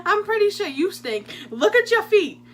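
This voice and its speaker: A woman's voice: very high voice, big pitch swings, moderate pace, voice pushed up. A woman voicing a male counselor who talks in a laughing, mocking way. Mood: teasing.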